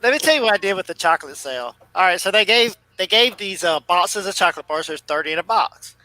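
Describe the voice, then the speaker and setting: A man's voice: high voice, lively intonation, quick pace, sharp tone, no room sound, low-quality recording. A man on a writing panel telling easygoing, folksy stories. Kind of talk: casual panel chat.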